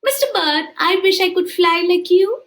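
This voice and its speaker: A man's voice: very high voice, lively intonation, moderate pace, pitched above the performer's own voice. A woman voicing a polite male tortoise who wishes he could do what other animals do, in a storybook read-aloud. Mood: wistful. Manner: polite, gently yearning.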